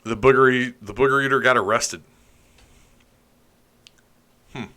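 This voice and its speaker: Bright-voiced joking stream host, a man. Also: medium pitch, fairly even intonation, fairly quick. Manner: joking, sarcastic, chatty. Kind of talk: casual live stream chat, reading comments.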